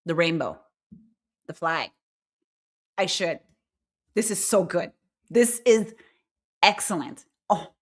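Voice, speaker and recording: Blunt, animated woman ranting to viewers. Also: lowish voice. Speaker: host of an online talk show. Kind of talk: casual ranting commentary to a live chat. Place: lives in Quebec, Canada.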